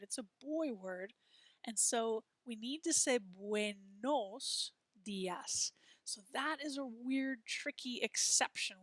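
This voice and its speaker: A woman teaching a Spanish lesson, explaining words and leading repeat-after-me drills with slow, careful pronunciation. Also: fairly high pitch, fairly bright tone, dry recording, studio quality.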